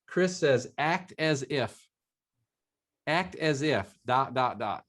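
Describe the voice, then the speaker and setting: A man's voice: medium pitch, animated, takes it slowly, fairly bright tone. A man co-hosting a motivational talk show, speaking emphatically, quoting scripture and repeating phrases for emphasis. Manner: emphatic, preachy, quotes scripture.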